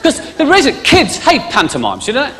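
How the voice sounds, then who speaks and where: A man's voice: very high-pitched, huge pitch swings, brisk. A male stand-up comedian, chatting cheekily to a live theatre audience, lapsing into mock voices for jokes. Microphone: stage microphone. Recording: live theatre recording with hall echo and loud audience. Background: audience laughter.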